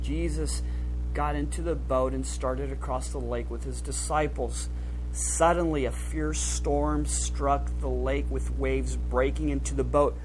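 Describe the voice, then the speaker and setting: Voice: medium pitch, fairly even intonation, measured pace, slight background noise, low-quality recording. A preacher giving a casual, conversational sermon, using slang and acting out quoted lines with a raised voice.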